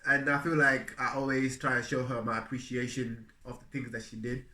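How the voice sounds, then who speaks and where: This husband, co-hosting a marriage video, has a medium-pitched, sharp-toned voice with little pitch movement and a fairly quick delivery. He chats casually, giving earnest, reflective marriage advice and laughing readily, and the room sounds echoey.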